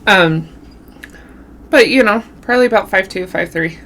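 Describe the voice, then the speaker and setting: A woman vlogger casually telling a spooky story while eating, with a runny nose and an animated, drawn-out way of talking. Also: mid-range voice. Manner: animated storytelling with southern-style "y'all". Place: home, eating on camera.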